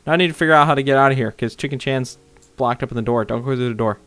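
A man hosting a casual game let's-play, excitable and goofy, jumping into squeaky joke voices. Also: rapid-fire, clear, resonant tone, no room sound. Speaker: gaming channel host.

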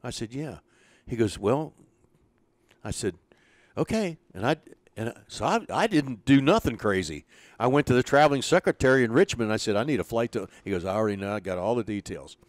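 An older man spins stories from his coaching years, slipping into the voices of the people he quotes. His pitch sits in the middle for a man, and the sound is dry and close with little room around it. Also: fast, no echo. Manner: animated storyteller, acts out quoted dialogue. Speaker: former pitching coach, interview guest. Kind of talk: storytelling in an interview.

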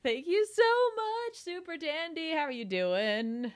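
A woman's voice: high voice, very animated, measured pace. A young woman from New Jersey streaming a cooking game, giggly and chatty, thanking viewers and reading tutorial text aloud. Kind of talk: casual live-stream gaming chat.

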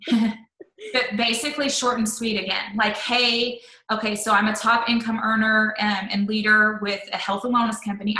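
A chatty, upbeat woman talks her team through how she messages new recruits. Her voice is bright and forward, with lots of "um" and "like" as she goes. The room around her rings with noticeable echo. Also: mid-range voice. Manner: upbeat, chatty, says "um" and "like" often. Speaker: network marketing leader. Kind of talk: casual live-stream training talk.

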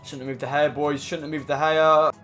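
A man's voice: a little high, fairly quick, soft background music. Swearing gamer narrating his match. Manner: swears often, swings from frustrated mutters to excited shouts. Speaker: gaming YouTuber. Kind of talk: live gameplay commentary.

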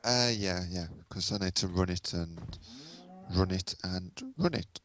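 A man's voice: sits low, unhurried, fairly bright tone, slight background noise. A man chatting casually while playing a game, exclaiming and swearing mildly as he goes. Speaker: gamer co-host. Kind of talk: casual gameplay chat.

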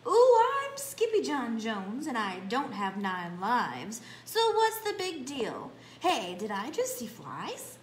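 A woman's voice: fairly high pitch, huge pitch swings, slow, hardly any pauses, exaggerated voice. A woman voicing a boastful boy kitten who pretends to be a chihuahua, with sing-song mock-Spanish flourishes. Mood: playful. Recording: echoey room, faint background hum.

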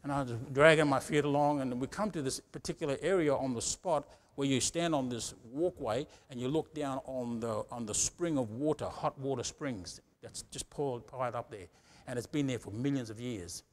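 A man's voice: mid-range voice, normal speed, few pauses. A middle-aged male pastor preaching a sermon in a conversational way, often asking the congregation "Amen?".

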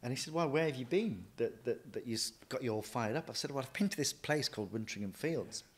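A man, a chef and restaurant owner, telling stories from his career in a lively way, often acting out what he thought and said. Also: mid-range voice, brisk. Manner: lively anecdotal, quotes himself often. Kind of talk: casual interview storytelling.

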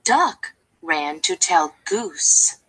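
A woman reading a children's storybook aloud, slowly and expressively. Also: fairly low pitch, sing-song, pushed and bright, husky, rough recording.

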